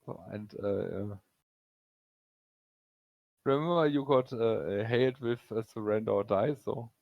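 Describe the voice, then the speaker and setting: A man with a German accent running a tabletop game as game master, speaking haltingly with many fillers. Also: fairly low pitch, creaky, no echo, highs cut off.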